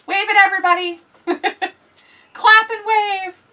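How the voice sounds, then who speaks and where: A woman's voice: very high-pitched, steady tone, slow pace, sharp tone, far from the mic, rough recording. A woman hosting a casual live watch-along, chatting, laughing and reading viewer comments aloud. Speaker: livestream host reading chat.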